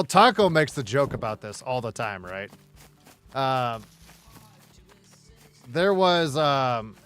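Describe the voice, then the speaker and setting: A man's voice: medium pitch, fairly bright tone. A middle-aged man telling stories while gaming, blunt, heavily profane and laughing often. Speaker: gaming streamer. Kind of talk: casual storytelling while gaming.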